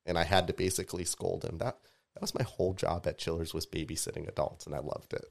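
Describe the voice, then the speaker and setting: Very deep-voiced man telling stories. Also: fast, gravelly. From Tampa, Florida. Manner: animated storyteller, voices rise sharply in quoted outbursts. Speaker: podcast guest, DJ and music producer. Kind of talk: casual storytelling chat.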